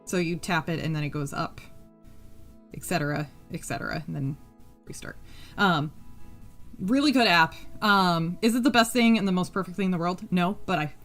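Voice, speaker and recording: A woman's voice: lowish voice, normal speed, fairly bright tone, soft background music. A woman hosting a live crafting stream, rambling and chatty, humming to herself and swearing freely. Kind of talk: casual chat while crafting on a live stream.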